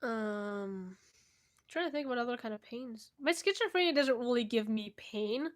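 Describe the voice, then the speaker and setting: A woman's voice: fairly high pitch, animated, normal speed. A young woman answering viewer questions in a casual vlog at home, candid and chatty, often laughing and trailing off. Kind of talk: casual Q&A chat to camera. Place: indoors at home, cat nearby.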